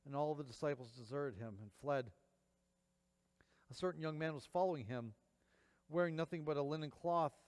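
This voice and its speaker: A man's voice: on the high side, normal speed, pauses often, a little mellow. A man reading scripture aloud and preaching, acting out the quoted lines dramatically. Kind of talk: Bible reading and sermon. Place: church. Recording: long church reverb.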